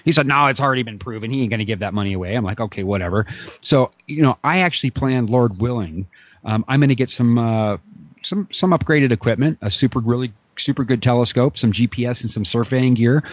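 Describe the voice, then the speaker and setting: A man's voice: medium pitch, no echo, dull audio. A man hosting an interview show, talking casually and hesitantly as he describes his plans. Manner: quick, hesitant, with fillers and restarts. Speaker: show host.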